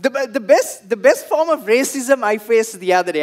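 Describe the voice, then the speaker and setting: A young comedian with a Sri Lankan English accent works through a stand-up set. His voice sits high for a man, and he tells his stories with animation, throwing in loud bursts when he acts out the people in them. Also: lively intonation, normal speed.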